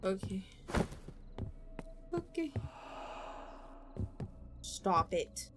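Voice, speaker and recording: A woman's voice: medium pitch, very animated, drawn-out words, background noise. A woman streamer playing a horror game, jumpy and swearing as she chats to her viewers. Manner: jumpy and swearing, chattering to chat. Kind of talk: casual live-stream chat.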